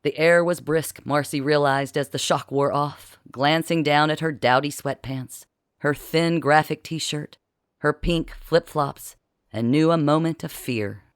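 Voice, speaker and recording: A narrator reading a comic time-travel story with a wry, deadpan delivery. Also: medium pitch, measured pace, clear, resonant tone, no echo, studio quality.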